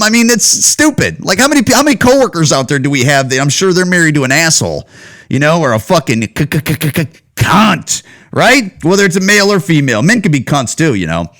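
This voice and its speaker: A man's voice: a little high, a bit bright. A man hosting a podcast, ranting casually with heavy profanity and rambling asides. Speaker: podcast host. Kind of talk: casual solo podcast rant.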